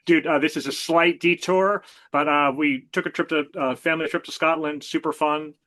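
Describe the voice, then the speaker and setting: A man's voice: a little high, moderate pace. Enthusiastic male podcast co-host. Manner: enthusiastic, animated anecdotes. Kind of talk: casual music chat and storytelling.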